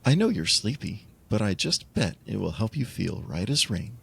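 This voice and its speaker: A man voicing a calm, mechanical intercom voice that politely and insistently runs a survey. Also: on the low side, moderate pace, creaky, slightly rough, heavily acted. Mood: calm coaxing.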